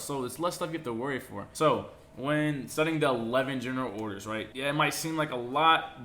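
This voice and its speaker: A young man talking casually to camera, giving advice in a quick, animated way and now and then acting out shouting drill instructors in a shrill voice. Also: slight background noise. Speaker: vlogger giving boot camp advice.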